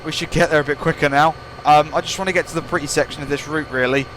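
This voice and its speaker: A man's voice: fairly high pitch, steady tone, fast, a bit bright, a little hiss or hum. A young man giving rambling, playful commentary over gameplay, joking at his own expense. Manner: rambling, playful, self-mocking. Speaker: gaming channel host.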